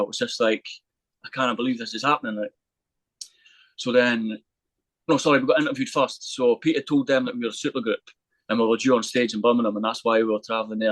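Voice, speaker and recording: A fast-talking man spins a rough, swearing anecdote as a podcast guest, dropping into quoted voices as he goes. His voice sits at a middling pitch and is recorded dry and close, with no room sound. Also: no room sound, low-quality recording. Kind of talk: casual storytelling.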